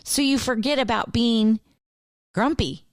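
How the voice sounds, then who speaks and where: A woman's voice: fairly high pitch, unhurried, dry recording, studio quality. Playful laughing woman podcast co-host. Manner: playful, laughs often, puts on silly voices. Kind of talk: casual chat.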